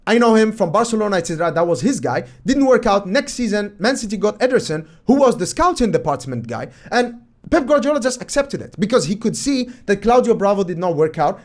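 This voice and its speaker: Man, football analysis host, high-pitched voice, emphatic, rhetorical questions. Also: darkish tone. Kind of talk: commentary over match footage.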